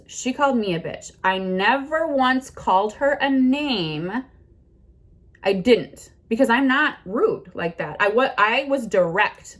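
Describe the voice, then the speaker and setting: A middle-aged woman vlogging a defensive rant, blunt and indignant, swearing a lot. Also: a little high.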